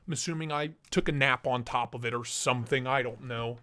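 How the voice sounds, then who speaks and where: A man's voice: mid-range voice, steady tone, fairly quick, pushed and bright. Man talking through a voice changer. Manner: casual, chatty, reads out chat and laughs. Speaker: live stream host. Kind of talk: casual live stream chat.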